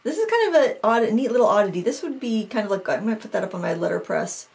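A woman's voice: mid-range voice, expressive, fast, gravelly, darkish tone. A woman craft vlogger from Maine, chatting casually and thinking aloud as she sorts through old things, often joking at her own expense. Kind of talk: casual chat.

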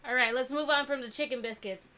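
A woman's voice: sits high, fast talker, background noise. A woman co-hosting a livestream, trading teasing, laughing banter in casual chat. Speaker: co-host.

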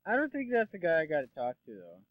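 A man's voice: a little high, wildly swooping pitch, fast, no room sound. Profane young man narrating his gameplay. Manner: rambling, profane, sarcastic asides. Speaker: let's play commentator. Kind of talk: casual gameplay commentary. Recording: dull lo-fi dry mic.

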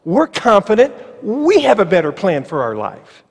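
High-voiced male pastor in a reverberant church. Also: huge pitch swings, breathy edge. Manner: emphatic, slowing on key phrases, with ironic asides. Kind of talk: sermon. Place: church sanctuary.

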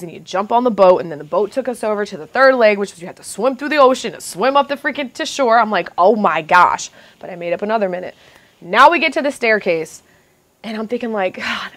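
A young adult woman telling stories as a guest, animated and profane, acting out what other people said. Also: medium pitch, fast, dry recording. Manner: lively, profane, acts out other people's lines. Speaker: reality TV contestant guest. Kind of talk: animated storytelling chat.

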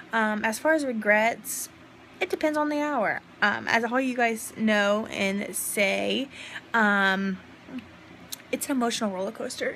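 A woman's voice: a little high, fairly bright tone, slight background noise. A young woman in a casual vlog, recording on a handheld phone at home and talking frankly while in pain after surgery, rambling and swearing casually. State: in pain, burping. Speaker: vlogger. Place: home, indoors.

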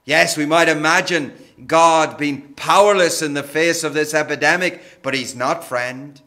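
Male preacher, unhurried sermon, bright tone, keeps saying friends. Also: on the high side, fairly even intonation. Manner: slow gentle preaching, addresses listeners as friends. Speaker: pastor.

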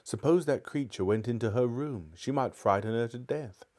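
A man's voice: mid-range voice, normal speed, mellow, lightly acted. A man voicing an anxious, earnest young boy who pleads in old-fashioned schoolboy slang, in a live book reading. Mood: pleading.

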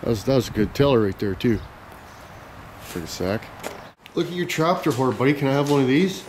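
A young man vlogging outdoors on a handheld camera, rambling and joking loudly with plenty of slang and swearing. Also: medium pitch, lively intonation, fairly quick, a little hiss or hum. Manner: loud, profane, joking banter with lots of slang. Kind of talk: casual rambling vlog chat.

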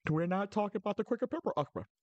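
A man putting on a high, squeaky mock-British voice as a pompous male streaming etiquette gentleman, giggly and flustered while commenting on his game. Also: animated, racing, no room sound, highs cut off. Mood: playful. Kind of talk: live gameplay commentary in character.

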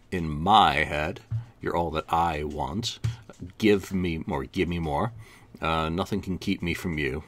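A man hosting a podcast, briskly reading through a list with dry quips. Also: a bass voice, a bit bright. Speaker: podcast host. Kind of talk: casual chat, running down a list.

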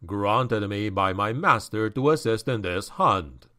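A scheming demonic high priest speaks in a low, unhurried drawl that carries quiet menace, as a man reads him. Every word is measured and commanding, with a lively swing of pitch. It is a grim fantasy audiobook character voice. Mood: menacing.

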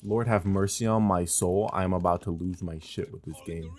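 A gaming streamer with a low, steady, slightly mellow voice at normal speed gives live gameplay commentary. Exasperated and swearing, he trash-talks opponents and teammates and puts questions to his viewers.

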